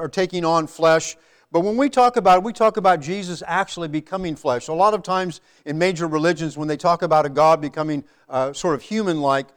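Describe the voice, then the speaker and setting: A man's voice: sits high, clean tone. A man pastor giving a conversational sermon, often restarting and repeating words as he explains a passage. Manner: conversational, many restarts and repetitions. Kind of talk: sermon with congregation.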